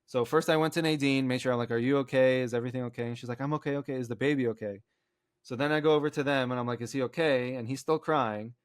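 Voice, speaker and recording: Male podcast co-host, casual rambling storyteller who acts out quotes, mid pitch, dry close mic. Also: fast talker, clear, resonant tone, dry recording. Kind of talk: casual storytelling among friends.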